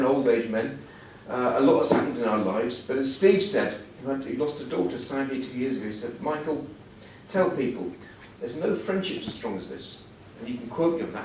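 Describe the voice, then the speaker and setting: A man's voice: mid-range voice, darkish tone, a little hiss or hum. Guest speaker, 60s, man. Self-mocking anecdotes, heard from a distance in a very echoey hall. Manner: self-deprecating, humorous storytelling. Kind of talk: anecdotal after-dinner talk.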